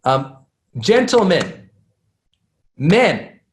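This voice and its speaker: A man's voice: sits high, big pitch swings, drawn-out words, echoey room. A man giving a live class to an audience, candid and self-deprecating, with many fillers and restarts. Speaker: class speaker.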